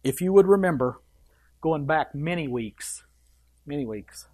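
A man's voice: fairly high pitch, lively intonation, a little slow, slightly rough. A man preaching a sermon as a pastor, speaking straight to the congregation with questions and strong emphasis. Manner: emphatic preaching with wide swings in loudness and pace; addresses the congregation directly with questions.

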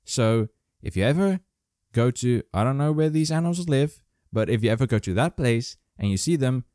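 A man hosting his own casual video, joking and rambling through animal facts in a playful, animated way. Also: mid-range voice, moderate pace, dry recording, clean studio sound. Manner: playful, jokey, animated, full of asides. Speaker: vlog host. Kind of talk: casual comedic fact-sharing monologue. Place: Germany.

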